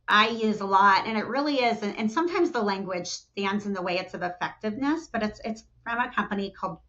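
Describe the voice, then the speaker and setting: A middle-aged woman speaking as a podcast guest, telling stories animatedly and acting out quotes, with frequent restarts and "you know.". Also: fairly quick. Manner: animated storyteller, acts out quotes with jumps in pitch. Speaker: talent development executive, podcast guest. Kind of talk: conversational interview. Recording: dull lo-fi podcast audio.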